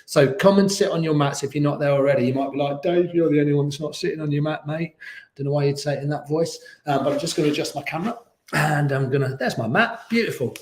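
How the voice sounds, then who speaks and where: A man with a slightly high, somewhat mellow voice guides a beginners yoga class, chatty and encouraging with little laughs. The yoga studio gives a roomy echo, with slight background noise.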